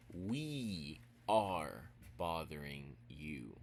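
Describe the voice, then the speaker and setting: A man giving a casual language lesson, playful and teasing, spelling words out slowly piece by piece and dropping into quiet asides. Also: sits low, lively intonation, slight background noise. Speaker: language teacher.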